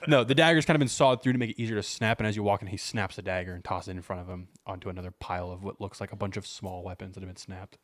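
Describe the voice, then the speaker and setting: A man describing his character at a tabletop game, relaxed and hesitant with many fillers. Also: deep voice, very fast, hardly any pauses, no echo. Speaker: player.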